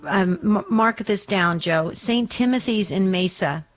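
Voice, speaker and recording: A woman's voice: mid-range voice, a little slow. A woman hosting a faith call-in radio show, talking earnestly and rambling with lots of ums and restarts. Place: Arizona studio.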